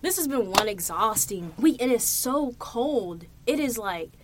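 A woman's voice: a little high, measured pace. Woman, young adult, podcast host, casual studio monologue, chatty and profane. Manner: chatty, swears freely, animated storytelling. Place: recording studio.

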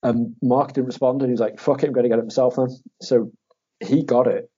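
A young man in casual chat, animated, swearing and laughing as he acts out quotes. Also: mid-range voice, a little fast, husky. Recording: dull lo-fi audio.

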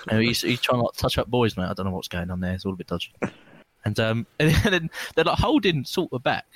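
A man's voice: a little fast, no room sound. A young man telling a rambling, laughing pub-style story among friends. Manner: rambling, laughing, slangy, lively swings in pitch. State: drinking. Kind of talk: casual chat, storytelling.

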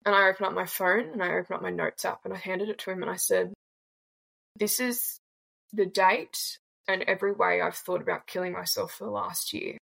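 Blunt Australian woman in her twenties; low, gravelly delivery with a casual, swearing edge. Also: fairly even intonation, brisk, a bit bright, rough recording. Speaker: guest. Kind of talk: candid personal storytelling.

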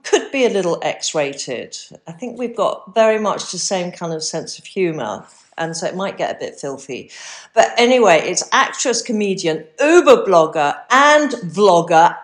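A middle-aged woman from the UK hosting a podcast, bubbly and exclamatory, with some swearing. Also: medium pitch. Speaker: podcast host. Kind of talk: casual interview chat.

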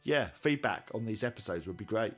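A man with a fairly low voice that swings widely in pitch as he talks. He co-hosts a podcast in loose, animated chat, full of dry jokes at his own expense. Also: a little fast. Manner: animated, chatty, wry self-mocking humour. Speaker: podcast co-host. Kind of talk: casual chat.

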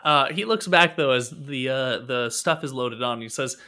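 A man running a tabletop game, narrating the scene with lots of ums and quick self-corrections. His voice is bright and forceful, at an even middle pitch. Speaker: game master.

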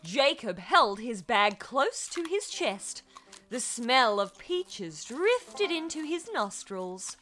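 Lady reading a kids story slow and sing-songy, high voice, faint music behind. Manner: expressive, sound-effect words. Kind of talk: children's story read-aloud.

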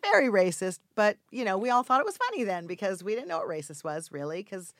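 An older woman telling a casual anecdote in an interview, acting out the quoted voices with sudden loud, high outbursts. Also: quick pace, dry recording, studio quality. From Mexico. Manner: animated storyteller acting out quoted lines with big jumps in pitch and volume. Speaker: actress guest telling a story.

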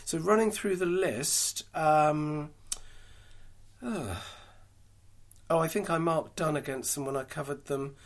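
A man's voice: a little high, takes it slowly, pauses often. A British man hosting a solo podcast, giving chatty, frank market commentary full of dry asides and fillers. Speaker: podcast host.

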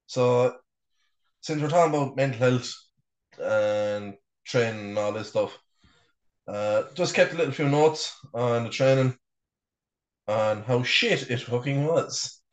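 Self-mocking man in an echoey room. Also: mid-range voice. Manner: sweary, self-mocking, halting with many fillers. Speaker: podcast co-host. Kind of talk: casual chat. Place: bedroom.

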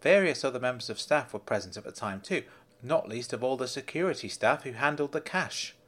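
A man's voice: mid-range voice, animated, a little fast, a bit bright. A man voicing a polite, deferential male bank manager in a storybook reading. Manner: courteous, deferential, apologetic.

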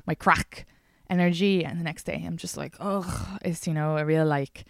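A woman's voice: low voice, fairly even intonation, moderate pace, creaky, dry recording, clean studio sound. Irish woman rambling on a podcast. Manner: chatty, rambling, frequent swearing and self-deprecating asides. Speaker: podcast host and stand-up comedian. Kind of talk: casual solo podcast monologue. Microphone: studio podcast microphone.

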